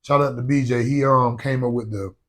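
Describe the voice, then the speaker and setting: A young man chatting on a podcast as a guest, at a middle pitch for a man. He tells stories with lots of animation, jokes around, and now and then shouts a word out loud. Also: steady tone, a little fast. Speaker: actor guest. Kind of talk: casual podcast chat.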